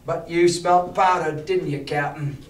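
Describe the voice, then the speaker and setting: A man's voice: a little high, steady tone, a little hiss or hum, lightly acted. A male teacher voicing a genial, sly old pirate ship's cook, drawing out his words in a chummy sea-dog way, read aloud to a class. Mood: hearty. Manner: slow, drawn-out, chummy sea-dog talk. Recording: roomy classroom from far off.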